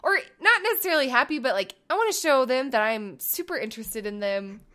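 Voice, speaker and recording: High-voiced woman telling lively stories. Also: brisk. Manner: animated storyteller, acts out voices. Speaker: podcast co-host. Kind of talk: casual chat.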